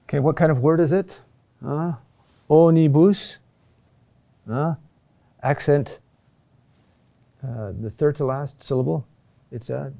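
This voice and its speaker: A middle-aged man teaching a recorded lesson, speaking in a halting way with many fillers and restarts. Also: a little high, creaky, a little mellow. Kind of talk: recorded lesson on Latin chant accentuation.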